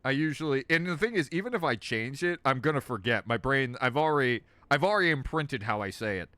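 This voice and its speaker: A young man giving joking, animated commentary while playing a horror game on a let's play. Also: mid-range voice, brisk, no echo. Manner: animated, joking, laughs often.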